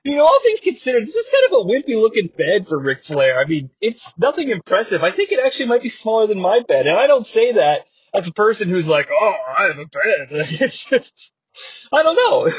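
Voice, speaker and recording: A man's voice: high voice, huge pitch swings, a little fast, slightly rough, no echo. A man hosting a podcast, recapping old wrestling with wry humor, frequent laughter and rambling asides. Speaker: podcast host. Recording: dry, slightly muffled podcast mic.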